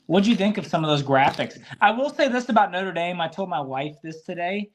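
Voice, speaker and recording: An excitable man co-hosting a casual sports chat. His pitch swings widely and he reacts out loud as he goes. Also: a little fast, slight background noise. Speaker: podcast co-host.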